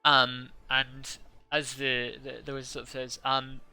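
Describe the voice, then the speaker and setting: A man running a tabletop game session, narrating scenes in a loose, rambling way full of "um"s and restarts. His voice is very bright and forceful with a gravelly edge, and faint music plays underneath. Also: mid-range voice, flat delivery, a little slow, no room sound. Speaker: game master.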